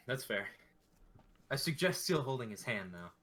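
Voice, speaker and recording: Bright-voiced playful male player. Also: mid-range voice, very animated, measured pace. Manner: playful, joking. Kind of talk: casual tabletop game chat.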